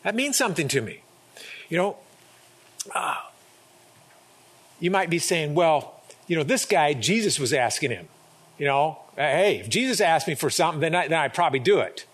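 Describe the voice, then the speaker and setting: Man, middle-aged pastor, sermon, earnest, slightly high voice, stumbles and repeats words. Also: lively intonation, normal speed, long pauses, fairly bright tone, breathy edge. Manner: earnest, repeats words when stirred, acts out quotes.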